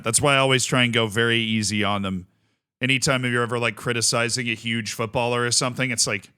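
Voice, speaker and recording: A man streaming a video game live, chatting casually, reading chat aloud and breaking into excited shouts. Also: medium pitch, smooth. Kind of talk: casual live-stream commentary while playing.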